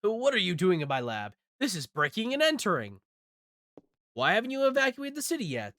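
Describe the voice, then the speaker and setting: A haughty middle-aged professor questions his visitors with open scorn, as a man puts him on. The voice is bright and lively, climbing high when he gets indignant. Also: fairly quick, heavily acted. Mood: scornful. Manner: haughty, interrogating.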